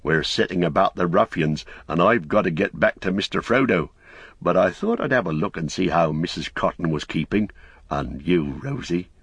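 A man's voice: sits low, expressive, moderate pace, fairly bright tone, husky, no room sound, full character voice. A man voicing a plain-spoken, earnest young male hobbit with homely speech, in a storybook reading. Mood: abashed.

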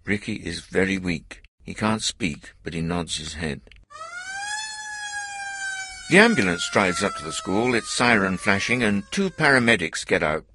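Deep lively male narrator, bright, husky, dry close recording. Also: moderate pace, hardly any pauses, no echo. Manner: lively, plain reading for learners. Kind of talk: scripted storybook narration.

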